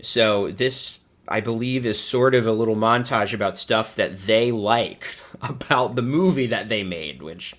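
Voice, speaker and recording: Sarcastic male commentary host, lower voice, casual and joking, laughing often. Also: measured pace, few pauses, fairly bright tone.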